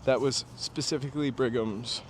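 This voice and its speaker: On a nighttime city street, a New Hampshire man streams live as he walks, telling nostalgic stories and addressing his viewers casually. His voice is mid-range, steady in tone, and moderate in pace, with passing cars and city ambience heard behind.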